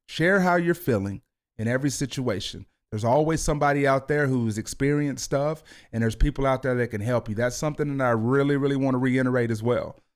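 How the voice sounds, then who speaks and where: A man in his thirties, a youth football coach and podcast host, talking with high energy and an animated, hands-moving delivery. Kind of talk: motivational podcast talk. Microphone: video podcast mic.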